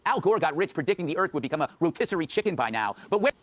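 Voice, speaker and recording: A man's voice: on the high side, very animated, very fast. A man delivering a scripted comedic monologue as a late-night host, with snappy punchlines.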